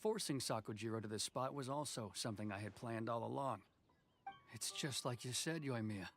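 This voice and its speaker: A man's voice: medium pitch, a bit bright, soft background music, lightly acted. A man voicing a reserved, dry-witted official in a game. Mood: restrained. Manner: measured and restrained, with a dry wit. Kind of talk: game dialogue.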